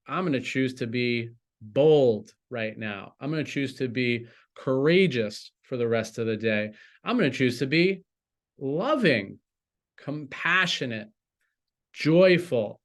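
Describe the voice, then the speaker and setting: A man speaking as a coach in a motivational talk, deliberate and encouraging, with lifts on key words. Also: mid-range voice, a bit bright.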